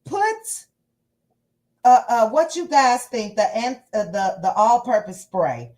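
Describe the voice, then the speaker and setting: Female livestream host, playful and animated, with a lively pitch that swoops up and down. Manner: animated, playful, drawn-out exclamations. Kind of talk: casual livestream chat reading viewer comments.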